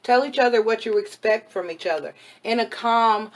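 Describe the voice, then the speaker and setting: A woman's voice: on the high side, moderate pace. A woman giving a casual tarot reading to camera as a spiritual advisor, frank and chatty, her voice a little worn from overuse. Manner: frank, chatty, blunt and motherly advice.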